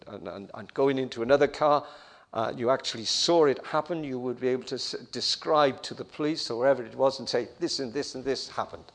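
A man preaching a sermon with emphatic, building repetition, asking the listeners direct questions. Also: medium pitch.

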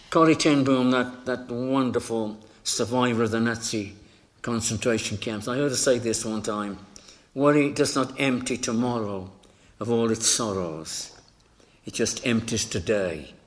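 A man delivers a sermon at an unhurried, deliberate pace. He preaches emphatically and acts out scenes with quoted voices. His voice sits at a middling pitch.

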